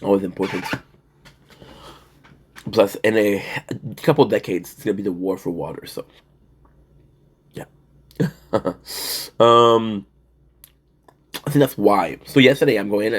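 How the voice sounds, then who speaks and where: A man's voice: on the low side, moderate pace, long pauses, breathy edge. Profane, rambling young man streamer. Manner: profane, animated storytelling with frequent fillers. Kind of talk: casual rambling vlog talk.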